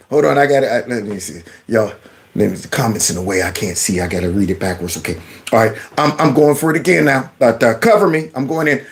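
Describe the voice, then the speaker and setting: A man hosting his own channel, reacting to news clips with animated, mocking commentary and talking back to the speakers. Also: mid-range voice, a little fast.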